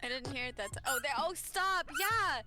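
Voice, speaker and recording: A woman hosting a relaxed talk show from under her desk, teasing her guest in a playful, laughing way. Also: high-pitched, moderate pace, music in the background. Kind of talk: casual chat.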